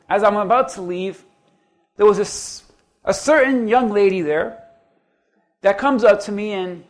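A middle-aged male pastor telling a story in a sermon, building to emphatic peaks. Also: high voice.

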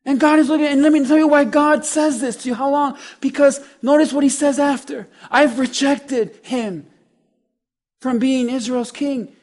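A man with a very high voice delivers a sermon. He slips from soft, chatty asides into loud, pressing preaching and quotes scripture in voices. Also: steady tone, normal speed. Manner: builds from quiet asides to loud urgent preaching.

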